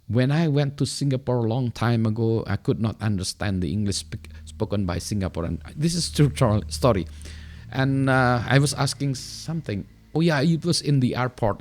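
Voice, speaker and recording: A middle-aged Indonesian man talks in a relaxed vlog monologue in a fairly low voice. He laughs often and drifts back and forth between two languages while telling a joking story. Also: moderate pace. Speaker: vlogger. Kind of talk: casual monologue.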